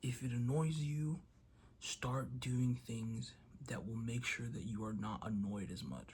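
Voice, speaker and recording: A man's voice: medium pitch, unhurried, husky. A young man talking casually to camera in a motivational vlog, telling a story and acting out quotes. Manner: storytelling, acts out quotes loudly. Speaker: vlogger.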